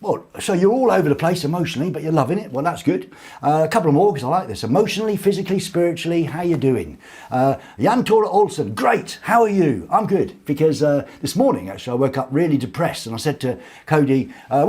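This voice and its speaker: A man's voice: fairly high pitch, expressive, fast talker, darkish tone, husky. A man hosting a casual live show from a small studio, reading out viewer comments with cheeky, rambling jokes. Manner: jokey, rambling, cheeky asides.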